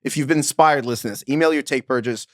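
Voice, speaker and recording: A man's voice: mid-range voice, fast talker, no echo, studio quality. A young adult man co-hosting a podcast, chatting casually, swearing and laughing often. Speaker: podcast co-host.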